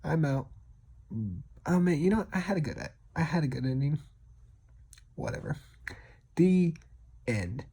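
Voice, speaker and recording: A man talking quietly and casually over his speed drawing, rambling and poking fun at himself, sometimes dropping to a whisper. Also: on the high side, lively intonation, measured pace, pauses often, husky. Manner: rambling, self-deprecating; talks quietly, partly whispered. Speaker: digital artist.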